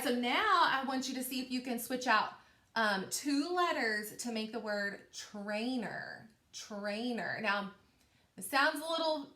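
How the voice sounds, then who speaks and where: A woman teacher giving a patient, encouraging phonics lesson to young children, speaking clearly and slowly. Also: fairly high pitch, bright, forceful tone. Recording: echoey room.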